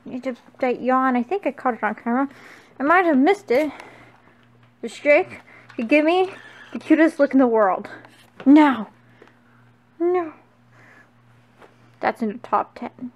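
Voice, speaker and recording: A woman's voice: sits high, expressive, unhurried, pauses often. A young woman vlogging on a handheld camera, chatting casually and cooing in baby talk to her pets. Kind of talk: casual handheld vlog chat.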